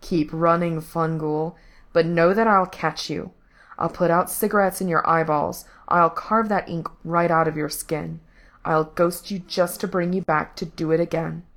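A cruel, cold-blooded male villain who rarely raises his voice, his threats coming as a low, quiet growl, voiced by a woman reading a story aloud. The tone sits low and controlled, menace held under the surface. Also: steady tone, unhurried.

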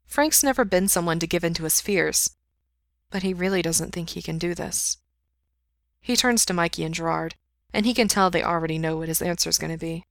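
A woman reads a story aloud in a steady, intimate way, her low voice carrying a gravelly fry. The recording is dry and close, with no room sound. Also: fairly quick, no echo. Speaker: story reader. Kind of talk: reading fan fiction aloud.

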